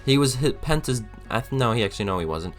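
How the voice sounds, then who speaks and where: A man's voice: mid-range voice, animated, fast talker, soft background music. A young man giving a casual, emphatic opinion monologue as a vlogger, rambling with frequent restarts. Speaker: wrestling commentary vlogger.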